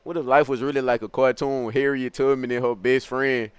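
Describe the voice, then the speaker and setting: A young man streaming, rambling through profane comic musings in an animated, thinking-out-loud way. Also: mid-range voice, fairly quick, clean tone, dry recording.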